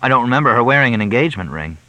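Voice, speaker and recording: Cool wry questioner, calm and probing, dry close sound, read by a man. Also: mid-range voice, racing, no echo, pitched above the performer's own voice, low-quality recording.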